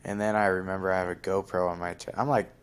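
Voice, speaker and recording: A man's voice: low-pitched, flat delivery, fast, smooth. A young man hosting a podcast, telling a long story in a rambling casual way full of fillers. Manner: rambling, lots of fillers and likes. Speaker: podcast host.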